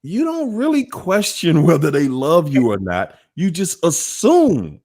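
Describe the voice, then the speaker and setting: A man's voice: on the high side, a little slow, hardly any pauses. A man hosting a live question-and-answer talk, speaking emphatically and acting out other people's words. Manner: animated, emphatic, quotes people in voices. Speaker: host.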